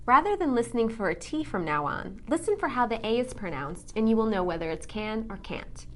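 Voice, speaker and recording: A woman with a slightly higher voice delivers a scripted English pronunciation lesson. She reads example sentences slowly, enunciating every sound with care. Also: very animated, slight background noise.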